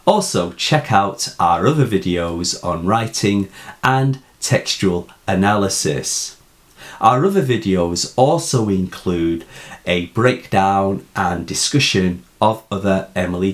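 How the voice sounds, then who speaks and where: British guy reading a poem analysis slow and deliberate, lowish voice, lots of up and down. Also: lively intonation. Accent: British English. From England. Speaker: poetry teacher.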